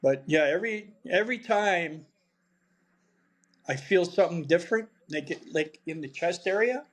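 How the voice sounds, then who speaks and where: Chatty older man, slightly high. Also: animated, moderate pace. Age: 70s. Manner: chatty, blunt, swears freely, laughs through stories. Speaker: podcast guest. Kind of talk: casual storytelling.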